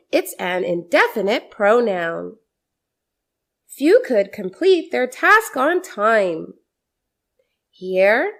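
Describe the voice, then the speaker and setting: A woman whose voice leans high delivers a scripted grammar lesson. She goes slowly and deliberately, returning again and again to example sentences.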